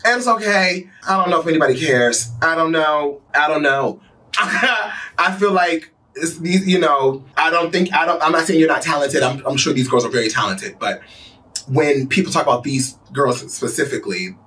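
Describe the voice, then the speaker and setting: A man's voice: a little high, moderate pace, sharp tone, far from the mic. A man giving casual pop culture commentary in a sassy, gossipy way. He laughs often and swears freely.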